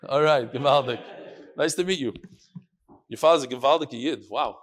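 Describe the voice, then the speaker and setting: A man teaching a Talmud class, telling stories in a lively way and sprinkling in Hebrew and Yiddish terms. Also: medium pitch, moderate pace. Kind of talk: animated storytelling lesson.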